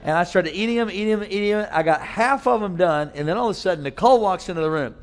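A man's voice: sits high, fast talker, in a large hall. A man preaching a sermon, telling a funny personal story and acting out voices for laughs. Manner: storytelling with humor, acts out voices. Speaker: pastor.

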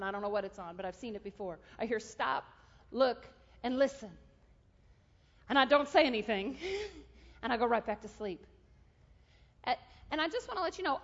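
A woman preaching a sermon, telling a story and acting out dialogue with lively energy. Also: sits high. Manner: animated, acts out dialogue with God. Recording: dull sound in a large reverberant hall.

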